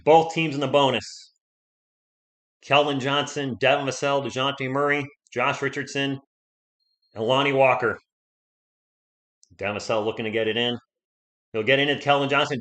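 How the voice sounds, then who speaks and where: A man doing fan play-by-play commentary on a livestream, excitable and shouting at big plays, a little hoarse from losing his voice. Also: mid-range voice, moderate pace, long pauses.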